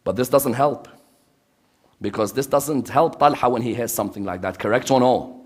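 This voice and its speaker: A man giving a religious lecture, asking the audience rhetorical questions and acting out quoted dialogue, with dramatic swings between loud and hushed delivery. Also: medium pitch, moderate pace.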